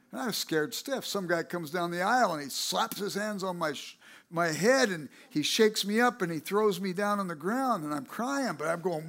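A man preaching a sermon, telling his own story in a conversational way with lively asides. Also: high voice. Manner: animated, acts out quoted people with a raised voice; conversational, self-correcting asides.

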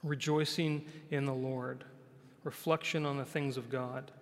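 A man's voice: mid-range voice, steady tone, measured pace. Man preaching in a reverberant hall. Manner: conversational, repeats phrases, often asks "right?". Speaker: pastor. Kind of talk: sermon.

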